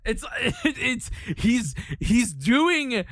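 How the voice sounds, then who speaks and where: A man's voice: very high voice, big pitch swings, drawn-out words, a bit bright, no room sound, clean studio sound. A male streamer chatting casually, rambling and stammering as he reacts, and easily amused. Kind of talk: casual live-stream chat.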